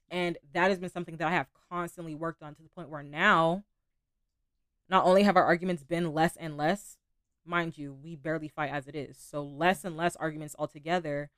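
A woman's voice: lowish voice, steady tone, moderate pace, fairly bright tone, dry recording, clean studio sound. A young woman hosting a podcast, talking candidly and casually about relationships, with some swearing. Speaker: podcast host.

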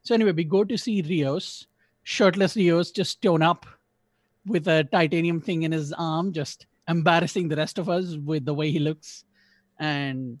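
A man's voice: fairly high pitch, normal speed, dry recording. A man hosting a podcast, reviewing an episode in casual chat with rambling, self-correcting talk and joking asides. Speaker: podcast host.

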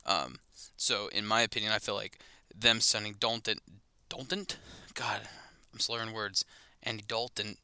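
A man's voice: fairly low pitch, fairly even intonation, normal speed, bright, forceful tone, clean tone, no room sound. A man co-hosting a casual sports podcast, rambling and correcting himself as he goes. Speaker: podcast co-host.

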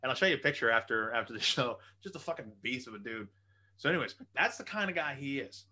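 A man spinning a story on a podcast, animated and quick to swear. His voice is bright and forceful, and it carries the tale in a casual way. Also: medium pitch.

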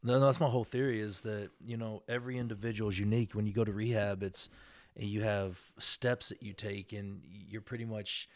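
A man's voice: fairly low pitch, fairly even intonation, a little fast, dry recording. A man hosting a podcast interview, asking direct questions and offering his own views. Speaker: podcast host. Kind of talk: casual interview.

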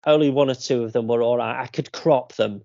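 A man's voice: medium pitch, fairly quick, vocal fry, warm tone, dry recording. Male podcast co-host, chatty anecdotal storyteller, dry slightly dull recording. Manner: chatty storyteller, many fillers and restarts. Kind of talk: casual chat.

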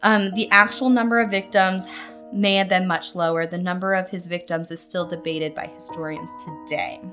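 A woman's voice: on the low side, fairly even intonation, normal speed, fairly bright tone, faint music behind. A woman co-hosting a podcast, chatting casually and reading notes, with a giggly, chatty manner and a lot of "like". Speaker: podcast co-host.

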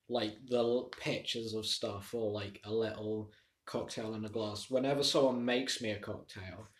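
Hesitant man, echoey room. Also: medium pitch. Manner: hesitant, lots of restarts and filler words. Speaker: podcast co-host. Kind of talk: casual chat. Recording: roomy echo.

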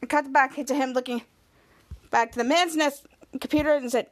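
High-voiced woman recapping a TV episode. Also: fairly even intonation. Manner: halting, repeating words as she retells scenes. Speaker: podcast host.

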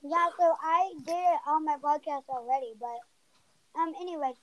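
A woman's voice: high-pitched, moderate pace, a bit bright, low-quality recording. A young woman co-hosting a casual podcast, easygoing and teasing, who stumbles a little as she retells a story. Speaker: podcast co-host.

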